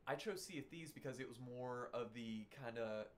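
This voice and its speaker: A man in casual podcast chat, telling rambling animated stories about games he streams. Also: mid-range voice, moderate pace, slight background noise.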